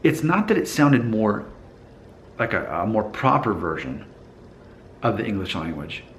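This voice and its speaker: Low-voiced American man musing casually. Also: big pitch swings, unhurried, roomy sound, a little hiss or hum. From United States. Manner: thoughtful, hesitant, with many fillers and restarts. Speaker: vlogger. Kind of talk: casual talk to camera.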